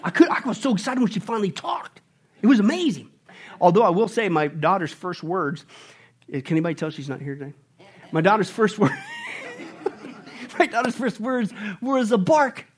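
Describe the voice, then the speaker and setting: A middle-aged man preaching a sermon, conversational and animated, often tagging his points with "right?" and acting out family stories with playful voices. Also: high-pitched, normal speed, pauses often, slightly rough. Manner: acts out family scenes with playful put-on voices. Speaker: pastor.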